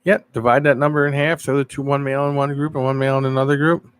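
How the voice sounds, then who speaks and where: A man's voice: mid-range voice, fast talker, smooth. Casual man chatting with stream viewers. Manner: animated storyteller, answers chat viewers. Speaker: live-stream show host. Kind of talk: casual live-stream chat.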